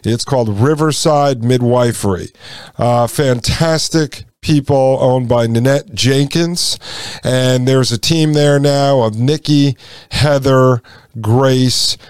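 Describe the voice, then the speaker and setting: A man's voice: medium pitch, takes it slowly, darkish tone, smooth, no room sound, studio quality. A man in his forties hosting a podcast, telling a personal story in a rambling, folksy way and speaking to listeners as folks. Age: 40s. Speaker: podcast host. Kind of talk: casual storytelling monologue.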